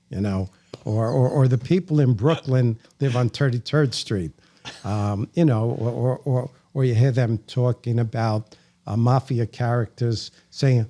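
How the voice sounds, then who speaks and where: Mellow-voiced New York man, chatty storyteller. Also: medium pitch. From New York, Bronx. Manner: leisurely, chatty storyteller, wry humor. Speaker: guest. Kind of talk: casual interview chat.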